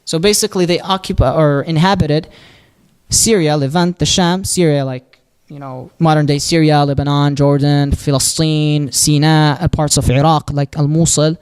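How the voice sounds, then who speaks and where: A man's voice: a little high, fairly even intonation, clear, resonant tone. A man teaching a religious lesson, explaining step by step and answering his own questions. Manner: recites Arabic supplication quickly and softly. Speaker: Islamic teacher.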